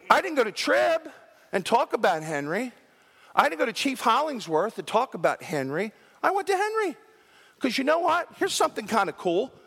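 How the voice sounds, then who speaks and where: A man's voice: high-pitched, a bit bright, big-room sound. A man preaching a sermon to his congregation in a church, repeating words and asking them questions. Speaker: pastor. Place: church sanctuary.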